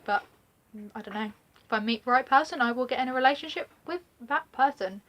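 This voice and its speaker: Young woman, regional British accent, slightly high voice, chatty, rambling, casual vlog. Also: moderate pace, fairly bright tone. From Britain. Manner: chatty, rambling, full of fillers and laughs. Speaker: vlogger. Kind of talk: casual chat to camera.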